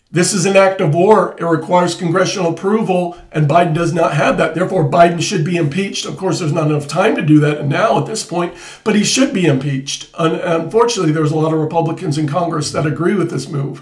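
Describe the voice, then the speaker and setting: A man's voice: on the high side, far from the mic. A man hosting alarmed political commentary, urgent and repetitive, building to emphatic outbursts. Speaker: host. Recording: echoey room, voice off-mic.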